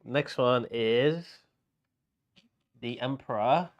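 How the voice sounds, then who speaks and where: A man's voice: mid-range voice, very slow. Stammering man calling bingo, lo-fi mic. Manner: hesitant, stammering repeats. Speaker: co-host calling bingo items. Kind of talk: casual live-stream chat.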